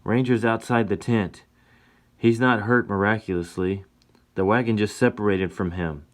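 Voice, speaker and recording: A man's voice: on the low side, steady tone, moderate pace, natural voice. A man voicing a young pregnant frontier woman who speaks up earnestly with a raised voice. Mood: urgent.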